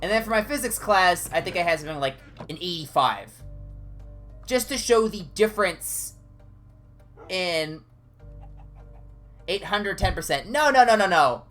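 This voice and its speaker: A woman's voice: on the low side, measured pace, pauses often, a bit bright, faint music behind. A young woman streaming a game, chatting casually with viewers in a rambling, self-amused way.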